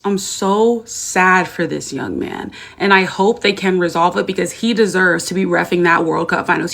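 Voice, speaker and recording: A woman from the United States giving an angry, indignant opinion rant, swinging between heated outbursts and hushed asides. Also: medium pitch. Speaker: commentator.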